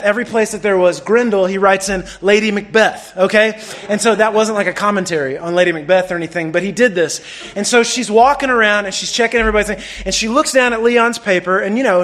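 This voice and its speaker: A man preaching a sermon, telling a lively story and acting out the people in it. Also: high-pitched. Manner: animated storyteller, acts out quotes. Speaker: pastor.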